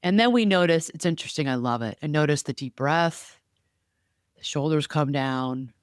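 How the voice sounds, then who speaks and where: A middle-aged woman co-hosting a podcast and coaching, talking in an animated, reflective way with many asides. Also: low-pitched, normal speed, clean tone, no room sound, clean studio sound. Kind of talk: casual podcast chat. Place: home podcasting room.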